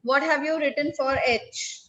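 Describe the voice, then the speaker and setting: A woman's voice: high-pitched, fairly even intonation, a little slow, sharp tone, dull audio. A woman teaching a French class over a video call, calling on students by name and repeating their answers.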